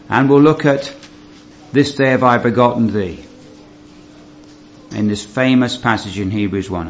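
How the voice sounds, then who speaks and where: A man of middle pitch preaches a Bible-teaching sermon in an earnest, questioning manner, stressing key phrases. The recording is roomy and a little dull, with a faint hiss underneath.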